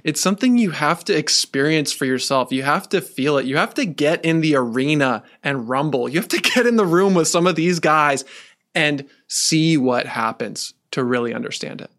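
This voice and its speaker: Reflective man, slightly higher voice. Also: lively intonation, normal speed, a bit bright. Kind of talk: casual podcast conversation.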